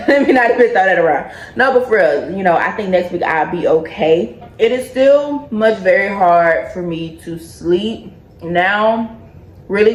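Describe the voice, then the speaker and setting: A young woman in a casual pregnancy update vlog, chatty and loose, joking and laughing between her points. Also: on the low side. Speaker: vlogger. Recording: echoey room.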